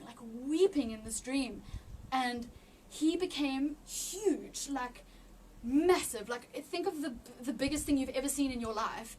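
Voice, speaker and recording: A woman giving an emotional personal testimony in an interview, halting with many restarts and near tears. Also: sits high, recorded from a distance, slight background noise. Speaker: interview guest.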